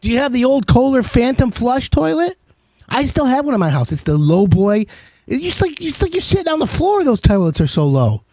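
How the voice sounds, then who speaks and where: A man with a very high, sing-song voice and a dark tone speaks briskly, with no echo. He hosts a live home-services call-in radio show, chatting casually with jokey, rambling asides.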